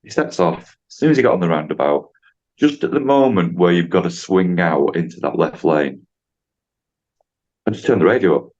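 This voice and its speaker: Deep guy rambling thru a story on a podcast, kinda dull lo-fi sound. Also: lively intonation, moderate pace, darkish tone. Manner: chatty, rambling, acts out dialogue with voices. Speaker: driving instructor guest.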